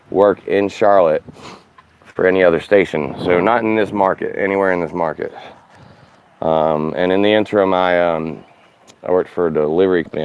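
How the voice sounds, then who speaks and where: A man's voice: low-pitched, highs cut off. A man in his forties, a former radio host, telling casual rambling stories about his life, often correcting himself and laughing at his own tales. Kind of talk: casual storytelling monologue.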